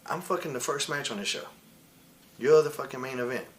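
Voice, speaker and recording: A man's voice: mid-range voice, a little fast, slight background noise. Blunt, heated man in his forties. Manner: blunt, heated, profane, quotes others in put-on voices. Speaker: wrestler interviewed as guest. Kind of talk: candid interview storytelling.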